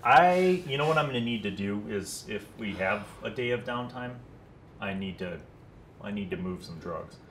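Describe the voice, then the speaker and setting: Bright, low-pitched young man scheming in play. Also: lively intonation, slight background noise. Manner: wry, scheming, halting restarts. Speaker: player. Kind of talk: casual tabletop play.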